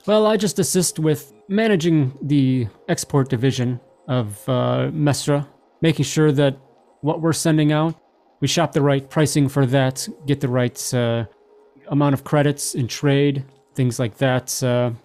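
A man's voice: medium pitch, measured pace, a little mellow, lightly acted. A man doing a hesitant, polite office assistant.

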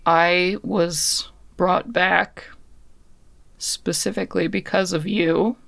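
A performer voicing a wary, guarded undead woman who is bound like a puppet on a leash, speaking in slow, halting lines. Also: medium pitch, flat delivery, gravelly, fairly bright tone, no echo. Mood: earnest.

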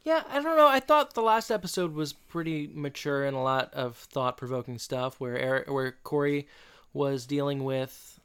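A man co-hosting a podcast, recapping a TV episode in casual chat and slipping into quick character voices as he retells scenes. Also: mid-range voice, animated, fairly bright tone, smooth, no room sound. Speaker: podcast co-host.

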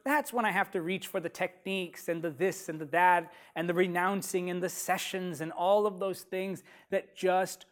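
A preacher delivering a sermon with emphatic, repeated phrases, slowing down sharply to stress key lines. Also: medium pitch, steady tone.

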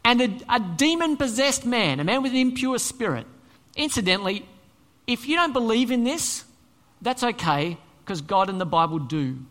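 A male pastor preaching a sermon, conversational and animated, asking the congregation rhetorical questions. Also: extremely high pitch, moderate pace, long reverb tail. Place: church hall.

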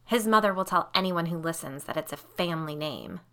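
A woman's voice: fairly low pitch, a little fast, fairly bright tone, pitched below the performer's own voice. A woman voicing a fussy, whiny wealthy suburban mom.

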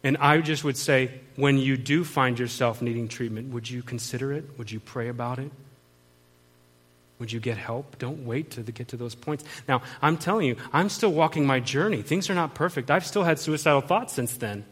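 A man's voice: medium pitch, moderate pace, fairly bright tone, husky. Earnest man preaching a personal testimony. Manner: earnest and confessional, frequent restarts. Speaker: pastor.

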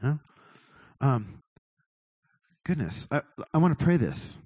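A man's voice: mid-range voice, very animated, slow pace, a little mellow, dry recording. Chatty man teaching on prayer. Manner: chatty, laughing, self-interrupting. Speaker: worship leader. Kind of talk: casual church teaching on prayer. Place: church worship service.

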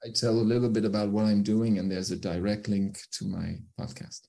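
A man's voice: on the low side, steady tone, brisk, creaky, warm tone. A man with a French accent, a guest in a casual interview, who talks hesitantly, repeating words and laughing easily. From France. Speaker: guest, film director.

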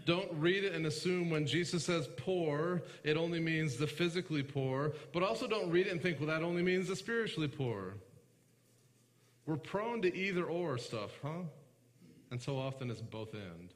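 A man preaching a sermon as pastor, talking with the congregation and asking them questions, slowing down when reading scripture and often clearing his throat. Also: a little high, lively intonation, in a large hall. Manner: conversational, asks the congregation questions; slows down to read scripture aloud.

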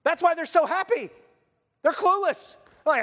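Man, pastor, sermon, high voice, conversational asides, long hall reverb. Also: lively intonation, a little slow, fairly bright tone.

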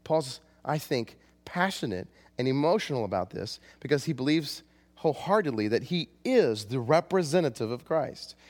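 A male pastor delivering a sermon in a medium-pitched voice. He speaks earnestly and swells into passionate, pleading appeals. His words ring out with a long reverb, as in a church sanctuary. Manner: impassioned, rising to pleading cries when quoting scripture.

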